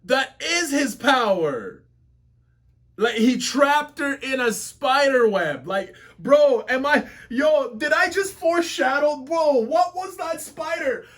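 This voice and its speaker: Male webtoon reactor, unhurried but swinging wildly in pitch, constant slangy outbursts. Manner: exclaims constantly, slangy and animated. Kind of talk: excited reaction commentary. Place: home office.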